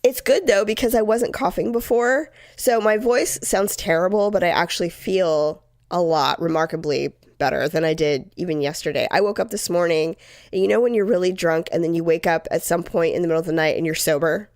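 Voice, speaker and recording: A woman co-hosting a podcast in casual chat, hoarse from a cold, chatty and self-mocking. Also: fairly low pitch, a little fast, a little mellow, no room sound, studio quality. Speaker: podcast co-host.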